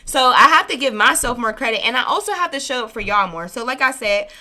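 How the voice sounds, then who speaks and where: A woman's voice: a little high, animated, fast, bright, forceful tone. A woman running a spiritual reading channel, talking casually and earnestly to her viewers, rambling and correcting herself as she goes. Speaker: spiritual reader and channel host. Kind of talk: casual heartfelt monologue to viewers.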